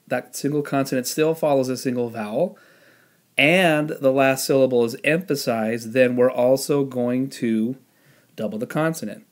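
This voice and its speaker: A man teaching a spelling lesson, explaining the rules patiently step by step and pausing on the odd "um". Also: medium pitch. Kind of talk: spelling lesson with classroom instructions.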